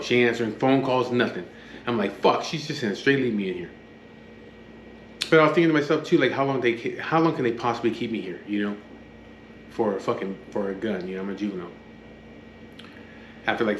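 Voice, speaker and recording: A man's voice: on the low side, fairly bright tone. A man tells his story in a blunt, matter-of-fact way, swearing freely. He plays the other people's lines in his own voice. The room echoes, and a faint hum sits behind him. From Los Angeles area. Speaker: guest telling his life story. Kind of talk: casual personal storytelling.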